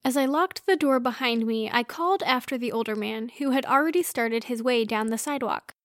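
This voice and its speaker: A woman reads a first-person story aloud with earnest expression. Her voice sits fairly high, and the recording is dry and close. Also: fairly quick, dry recording. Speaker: narrator.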